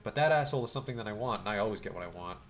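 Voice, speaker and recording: A man's voice: on the low side, expressive, racing. Man reading arrogant woman gang leader, sneering, threatening, video game text.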